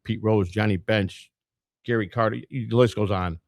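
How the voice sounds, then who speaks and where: A middle-aged man from Chicago speaks in a somewhat low voice, telling his own story in a casual monologue. He is blunt and plain-spoken and often repeats words as he goes. The sound is dry and close, with no room echo. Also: fairly even intonation, moderate pace. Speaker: presidential candidate and podcaster.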